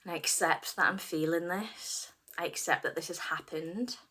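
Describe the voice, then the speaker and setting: Lower-voiced woman leading guided tapping. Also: bright, forceful tone, breathy edge. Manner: slow repeat-after-me phrases, some dropped to a whisper. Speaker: tapping practitioner.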